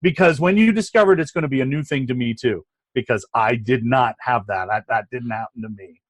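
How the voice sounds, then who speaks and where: A man's voice: medium pitch, fairly quick, dry recording. A man in his forties, a life coach, telling a personal story in a podcast interview and acting out past conversations. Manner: earnest storytelling, acts out quoted exchanges. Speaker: abundance coach, guest.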